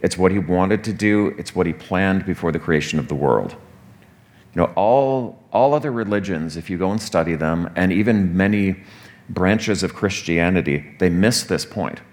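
A pastor preaching a morning sermon, teaching through a scripture passage in a conversational way with frequent asides to the congregation. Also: male voice, sits low, moderate pace, darkish tone.

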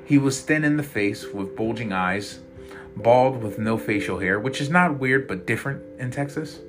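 A man narrating a dark first-person story in a dramatic, intense way. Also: medium pitch, expressive, normal speed. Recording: loud guitar music behind.

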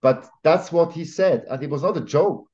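On slightly dull lo-fi audio, a man from Switzerland joins an interview podcast as a guest, with a fairly high, somewhat mellow voice. His conversational talk is forceful and full of opinions, punctuated by filler pauses and restarted sentences.

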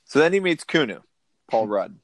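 A man's voice: medium pitch, sing-song, normal speed, no room sound. A man co-hosting a podcast, chatting casually about a movie, laughing often and retelling scenes. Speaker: podcast co-host.

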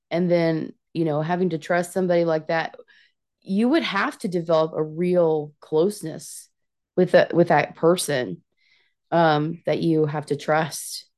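Rich: A woman co-hosting a casual film podcast, her voice sitting a little low. She talks with bubbly enthusiasm and now and then slips into a playful put-on accent. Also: a little mellow. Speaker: podcast co-host.

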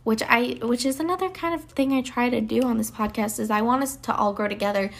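A young woman hosts her own podcast solo, talking casually and rambling with many fillers and restarts. Her voice is a little high, brisk and creaky.

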